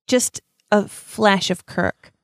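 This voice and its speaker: A young woman co-hosting a podcast, chatting casually with quick, teasing replies. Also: medium pitch, no echo, studio quality. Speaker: podcast co-host.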